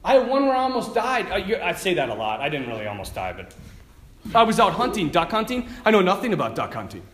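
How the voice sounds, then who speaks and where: At a retreat, a priest tells a story with lots of energy, laughing often and acting out what people said. His male voice sits high and moves fast, and the room is echoey.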